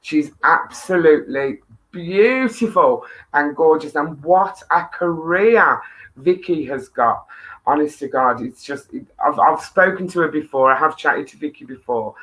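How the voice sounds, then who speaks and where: A woman's voice: low-pitched, lively intonation, measured pace, a bit bright, rough recording. A woman hosting a live-stream chat show, affectionate and teasing with her viewers. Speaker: host. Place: home studio.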